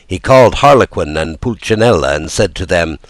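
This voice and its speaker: Reading a children's classic aloud, this male narrator uses a low, resonant register with theatrical swings in pitch and a slightly quick pace. The sound is close-miked and dry, without any room tone, and his expressive storytelling stays lively throughout.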